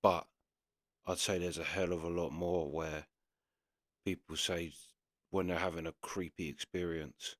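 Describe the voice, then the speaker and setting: A British man with a very deep voice rambles through casual reaction commentary, padding his talk with fillers. The sound is dry and close, with no room around it. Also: fairly even intonation, unhurried, long pauses, no echo. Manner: rambling, loose, full of fillers. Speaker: reaction channel host.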